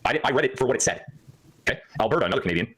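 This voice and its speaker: A man's voice: mid-range voice, lively intonation, rapid-fire, pushed and bright, poor audio. A man hosting a livestream, talking in a hyper, joking way and laughing often. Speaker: livestream host. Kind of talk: rambling livestream chat.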